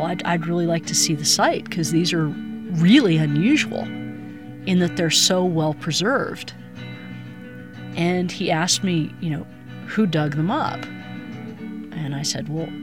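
A middle-aged woman from Colorado, with a lowish voice, tells stories about her past as an interviewee. She is a lively storyteller who acts out the voices of the people she quotes.

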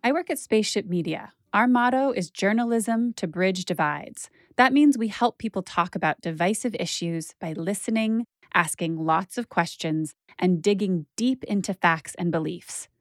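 A woman's voice: medium pitch, normal speed, hardly any pauses, dry recording, clean studio sound. Candid woman narrating her own story. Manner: candid, conversational, peppered with "like". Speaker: podcast host and narrator.

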